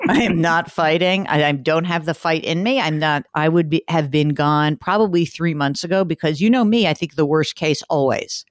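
A woman hosting a personal finance radio show, talking in a blunt, animated, self-deprecating way as she rants and takes calls. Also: low-pitched, moderate pace, no echo, studio quality. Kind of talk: talk radio chat and rant.

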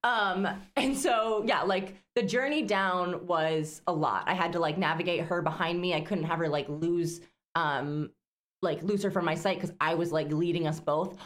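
A woman's voice: fairly low pitch, moderate pace. A young woman co-hosting a podcast, telling a long road-trip story in casual chat, rambling with lots of fillers and laughs. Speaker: podcast co-host.

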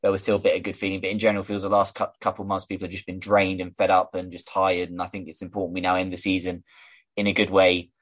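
Male podcast host, low-pitched, fast, rambling football chat. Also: monotone, a bit bright. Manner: rapid, runs long thoughts together with fillers.

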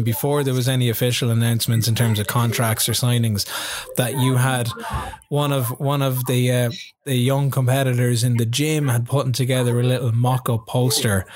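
A man's voice: medium pitch, flat delivery, moderate pace, a crowd in the background. A man hosting a casual sports podcast, chatty, with many fillers and restarts. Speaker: podcast host.

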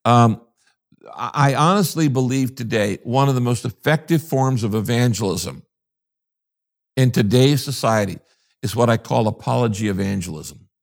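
A man's voice: mid-range voice, moderate pace, creaky. An older man, a pastor from the United States, talking in an interview in an emphatic, preacherly way and repeating his key phrases. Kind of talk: interview conversation.

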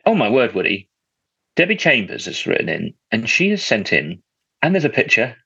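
Joking guy reading listener mail on a podcast, husky, dry close sound. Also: mid-range voice, sing-song, normal speed, bright, forceful tone, dry recording, dull audio. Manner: jokey, teasing, reads letters aloud. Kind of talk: casual chat.

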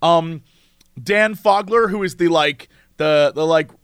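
A man with a high, eager voice rambles through a casual podcast chat and laughs often. The sound is close and dry, with no room around it. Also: takes it slowly, fairly bright tone, clear, resonant tone, dry recording. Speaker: podcast co-host.

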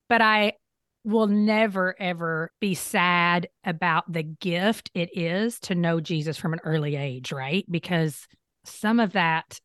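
A woman's voice: fairly low pitch, no room sound, studio quality. A woman hosting a casual interview podcast, affirming her guest often and asking questions. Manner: warm affirming, frequent murmurs. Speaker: podcast host.

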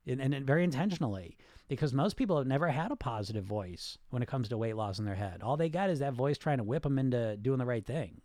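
Fast-talking blunt male coach, dry sound. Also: medium pitch, a little mellow, dry recording. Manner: fast, blunt, rambling with restarts and profanity. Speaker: weight loss coach and podcast host. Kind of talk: casual coaching talk answering listener questions.

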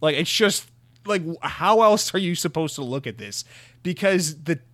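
A man's voice: on the high side, lively intonation, normal speed, a bit bright, no room sound. Sarcastic ranting man, dry sound. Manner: sarcastic, profane, mocking impressions of companies. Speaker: gaming commentator. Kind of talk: ranting video commentary.

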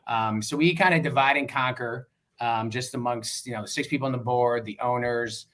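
A man with a Western New York accent, chatting casually as a fan club president on a podcast, relaxed and quick to laugh. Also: mid-range voice. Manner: relaxed, laughs easily, many fillers.

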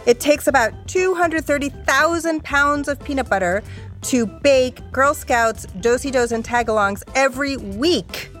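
A woman's voice: high-pitched, a little slow, a bit bright, soft background music. A woman hosting a podcast game show in a bubbly, playful way. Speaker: quiz show host.

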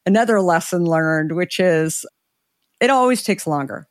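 A middle-aged woman, an interview guest, telling a story in a conversational way, animated and acting out the dialogue she quotes. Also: fairly low pitch, unhurried, dry recording, clean studio sound.

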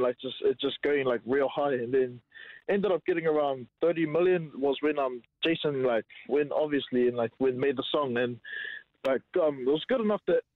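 A man's voice: fairly high pitch, no room sound. A man from Samoa, a musician guest, answering hesitantly with lots of ums and likes. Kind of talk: casual phone interview. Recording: tinny phone line.

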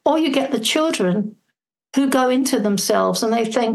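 A parenting coach, appearing as a guest in a podcast interview, gives conversational advice in a mid-range voice at normal speed. She's earnest and fluent, explaining through acted-out everyday examples, though the recording is rough.

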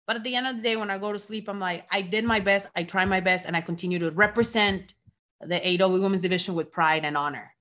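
A woman's voice: mid-range voice, fast talker, a bit bright. A woman from Mexico with a Mexican accent, a wrestling champion speaking with passion in an interview, often repeating herself.

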